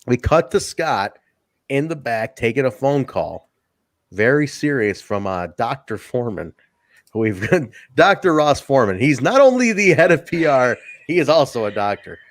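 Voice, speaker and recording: A man hosting a podcast, recapping a wrestling show in casual, excited, profane chat. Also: medium pitch, moderate pace, no echo, clean studio sound. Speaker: podcast host.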